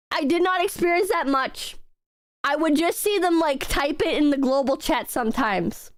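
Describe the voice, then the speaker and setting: High, hoarse young woman streamer, coughing. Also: normal speed. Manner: animated, profane storytelling with mocking impressions. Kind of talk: casual chat with viewers.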